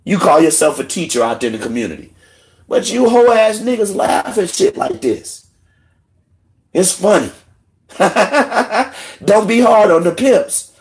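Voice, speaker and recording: A man's voice: sing-song, unhurried. Furious man ranting on a livestream. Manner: heated, profane, swings between low muttering and shouting. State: emotional, in tears. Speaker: livestream host. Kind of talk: angry livestream rant.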